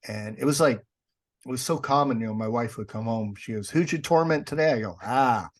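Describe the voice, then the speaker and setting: A man's voice: mid-range voice, moderate pace. A middle-aged man, a guest on a podcast, casually telling sarcastic stories and acting out the dialogue. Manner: wry and sarcastic, acts out dialogue in his anecdotes. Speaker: guest, paranormal investigator and author. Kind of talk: casual storytelling.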